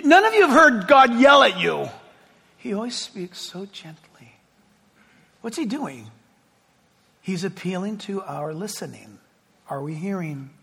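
A man preaching a sermon as pastor, talking conversationally and joking, swinging between loud and hushed. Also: high-pitched, creaky, slightly rough. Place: church sanctuary. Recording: long hall reverb.

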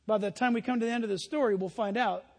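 A man with a very high voice preaches to his congregation, swinging from hushed asides to near-shouting. His voice rings with a long hall reverb, as in a church sanctuary. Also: steady tone, fast. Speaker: pastor. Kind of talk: sermon.

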